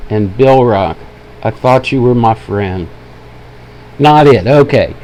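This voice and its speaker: This man speaks slowly in a mid-range voice with a dark tone, and a faint hiss or hum sits under the audio. He has an Ohio accent and is hosting a casual live trading webinar, relaxed and cracking jokes with viewers while fiddling with the levels on the desk microphone he keeps adjusting.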